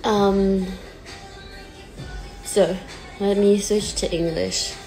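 Extremely slow and dark in tone, this woman's medium-pitched voice barely moves in pitch over faint sad music on a low-quality recording. She's a pop singer in her twenties chatting casually on a phone livestream, nervous, close to tears, hesitant and self-deprecating, with many fillers.

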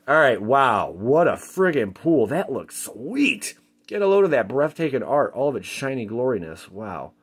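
A man hosting a casual card pack-opening video, joking to himself and shouting when he pulls a good card. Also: mid-range voice, normal speed, breathy edge. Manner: excitable, jokey, shouts at big pulls. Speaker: card-opening channel host.

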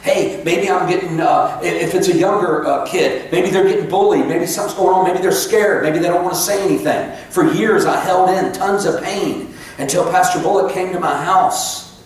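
A man preaching a sermon, talking to the congregation in a conversational, sometimes sarcastic way and reading scripture slowly. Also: high voice. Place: church sanctuary. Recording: echoey church sanctuary, mic at a distance.

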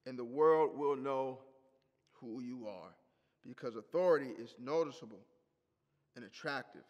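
A man's voice: medium pitch, a little slow, in a large hall, highs cut off. A male pastor delivering an emphatic sermon, repeating key phrases for emphasis.

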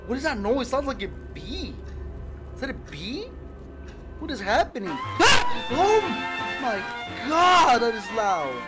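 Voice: medium pitch, very animated, takes it slowly. Jumpy swearing horror game streamer. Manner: jumpy, swearing, shouting in fright. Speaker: gaming streamer. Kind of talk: horror gameplay commentary. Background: game music.

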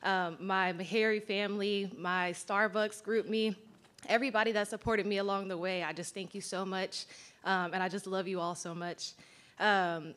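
A woman's voice: mid-range voice, steady tone, normal speed, fairly bright tone. A young woman, a medical graduate, giving an emotional thank-you speech at a match day ceremony. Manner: grateful, emotional thank-yous.

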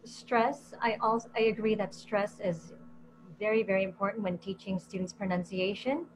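A woman's voice: mid-range voice, fairly even intonation, normal speed. Woman teacher explaining over background noise. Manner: explanatory, step-by-step with frequent fillers. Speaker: ESL teacher. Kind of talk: panel discussion.

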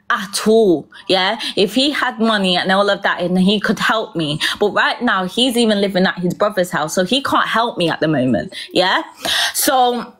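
A woman's voice: mid-range voice, normal speed, fairly bright tone. A young woman telling a painful personal story, close to tears, rambling and often checking in with "yeah?".

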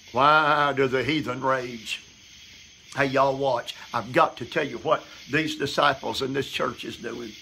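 A man's voice: on the high side, creaky, sharp tone, slight background noise. A man preaching an evening devotional sermon from his front porch, emphatic and repetitive.

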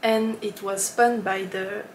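A woman's voice: mid-range voice, fairly even intonation, slow pace, roomy sound. Woman podcast host, casual chat, giggly and rambling, mid-range voice, faint background hiss. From lives in Switzerland. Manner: chatty and giggly, with frequent ums and laughs.

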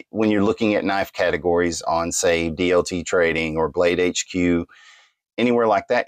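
Low-voiced guy rambling through a knife review, lots of ums, dry close sound. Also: no room sound. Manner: rambling, many fillers and restarts. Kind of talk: casual product review.

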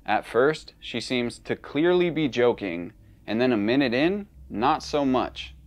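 A man's voice: medium pitch, animated, a little slow. A man narrating a true crime story in a conversational way, with casual asides.

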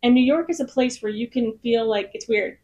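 A woman's voice: a little high, fairly quick, a little mellow, highs cut off. A woman singer-songwriter as a podcast guest, telling stories in a bubbly, rambling way. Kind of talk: casual podcast chat. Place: in Nashville.

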